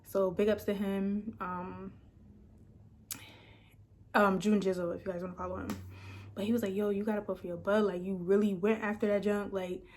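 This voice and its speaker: A woman in her thirties talking casually to camera as a content creator, excited and emotional, with lots of fillers. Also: medium pitch, moderate pace, pauses often, a little hiss or hum. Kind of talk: casual vlog talk.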